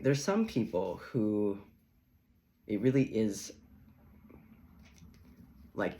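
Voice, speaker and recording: A man's voice: lowish voice, warm tone, slight background noise. A man giving a casual tarot reading in a sassy, chatty, profane manner. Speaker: tarot reader.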